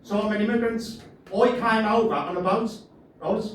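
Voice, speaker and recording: A loud, rowdy man with a Birmingham accent, doing a guest stand-up set. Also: sits high, normal speed, a little hiss or hum. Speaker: guest comedian. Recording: echoey room from far off.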